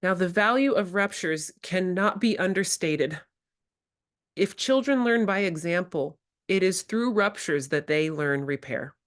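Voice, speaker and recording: A woman's voice: fairly low pitch, expressive, a little slow. Woman presenting a candid teaching workshop. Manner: reflective, candid, acts out her own quoted words.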